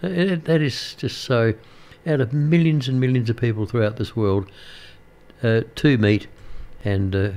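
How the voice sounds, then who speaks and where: A man's voice: medium pitch, a little slow, darkish tone. An older man, a radio presenter chatting casually and rambling with many fillers and restarts.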